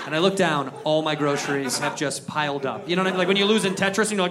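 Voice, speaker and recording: A man doing a stand-up comedy set, telling an animated story that builds to shouted punchlines. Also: fairly high pitch, racing, few pauses, very noisy. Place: comedy venue stage. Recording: live club set, crowd laughter. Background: audience laughing.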